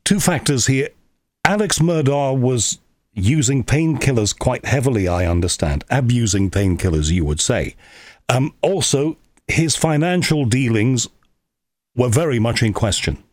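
Male host, lively intonation, dry close recording, short probing questions. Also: medium pitch, measured pace, no room sound. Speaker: interviewer host. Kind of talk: interview questions.

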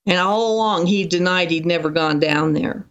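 A guest in an interview, telling a long case story in an animated, detailed way. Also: medium pitch, moderate pace.

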